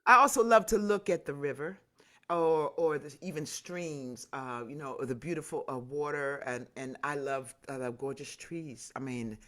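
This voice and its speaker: A woman's voice: deep voice, normal speed, fairly bright tone. A woman signing off a video call, showering people with "darling" and "marvelous" in an effusive way. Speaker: guest singer. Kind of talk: warm sign-off chat on a video call.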